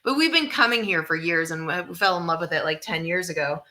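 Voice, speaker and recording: A woman from the Midwest co-hosts a comedy podcast over a video call, with an animated, self-mocking delivery. Her voice is bright and forceful. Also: lowish voice, fairly quick. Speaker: podcast co-host. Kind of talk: casual comedic chat.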